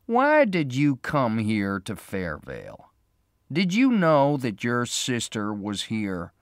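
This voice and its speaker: A hard private detective, as a man plays him who drawls every word slowly and flatly. The voice is unfriendly and firm, raised a little above the reader's own, with a dry sound. This is storybook reading. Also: mid-range voice, no room sound, voice pushed up. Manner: flat, slow, unfriendly, deliberate.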